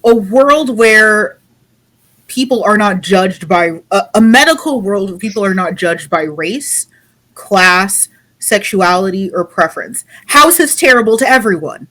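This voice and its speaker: A woman co-hosting a podcast in casual chat, with a wry, deadpan teasing manner. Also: medium pitch, measured pace. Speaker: podcast co-host.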